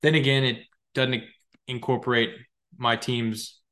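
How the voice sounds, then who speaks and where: A young man riffs about his fantasy football league on his own show, rambling and excitable. He swears freely and jokes his way through complaints. His voice sits at an ordinary middle pitch. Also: measured pace. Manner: rambling, excitable, profane, jokey. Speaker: podcast host. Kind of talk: casual solo fantasy football talk.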